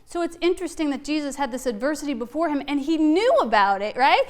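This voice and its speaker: Middle-aged woman, high voice, heartfelt inspirational talk, earnest, repeats herself. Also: expressive, fast talker. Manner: earnest, heartfelt, repeats phrases, laughs often. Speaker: speaker giving an Easter talk.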